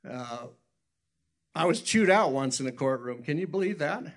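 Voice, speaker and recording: Folksy preaching man, slightly high voice. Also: lively intonation, normal speed. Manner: folksy, rambling storytelling with laughs and self-corrections. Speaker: pastor. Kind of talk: sermon.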